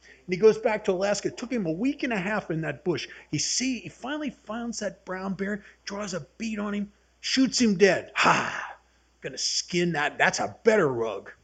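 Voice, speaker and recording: A man in his 70s runs a recovery workshop as an AA speaker, telling homespun stories to the group with sincerity. He has a high, husky voice and speaks at a normal speed.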